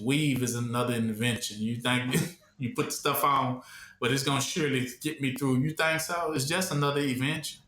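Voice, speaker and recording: A man preaches in a loose, repetitive way, leaving questions hanging for his listeners to complete. His voice sits high and sounds bright and sharp. The recording carries a roomy echo. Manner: asks rhetorical questions for the listeners to finish. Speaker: Bible teacher. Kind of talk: call-and-response Bible teaching.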